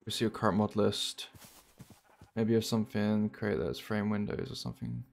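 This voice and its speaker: A young man, chatting casually and joking while playing a game, often swearing and getting excited. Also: on the low side, normal speed, vocal fry, a little hiss or hum. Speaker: gaming streamer.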